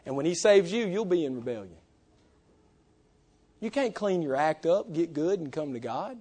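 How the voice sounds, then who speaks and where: A male pastor preaching a sermon in church, swinging between loud emphasis and hushed, low passages. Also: big pitch swings, normal speed, slightly rough.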